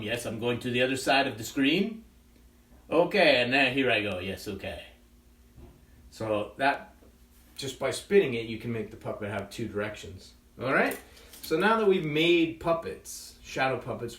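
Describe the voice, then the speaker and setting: A man teaching a children's puppetry workshop in a friendly, chatty, playful way, often checking in with "right?". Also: mid-range voice. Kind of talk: children's craft tutorial. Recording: echoey room, distant mic.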